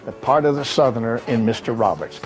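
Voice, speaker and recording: A man's voice: medium pitch, animated, a little fast, soft background music. An older man from Kentucky, a retired actor, recalling his career in a rambling way with fillers and restarts. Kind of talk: reminiscing monologue.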